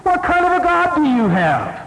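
A man voicing a mocking male prophet who taunts his rivals in a loud, scornful voice. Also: very high-pitched, wildly swooping pitch, moderate pace, background noise, pitched above the performer's own voice, heavily acted.

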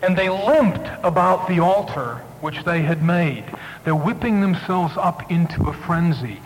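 A male preacher tells a story in a sermon with dramatic, shifting emphasis. His voice is fairly high and rings in a reverberant hall. Faint noise runs underneath. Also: unhurried.

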